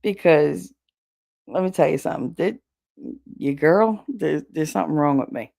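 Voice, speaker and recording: A middle-aged woman telling a story on her livestream, animated, laughing often and swearing freely. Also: deep voice, moderate pace, vocal fry, no room sound, studio quality. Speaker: streamer.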